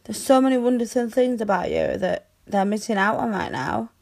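A young woman in a girlfriend comfort audio role-play, speaking in a soothing, tender, reassuring way with soft hushing. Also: mid-range voice, moderate pace, vocal fry.

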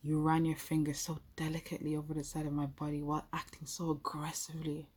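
A woman's voice: sits low, monotone, fast, darkish tone, slightly rough. A young adult woman telling an intimate first-person role-play story, playful and speaking straight to the listener.

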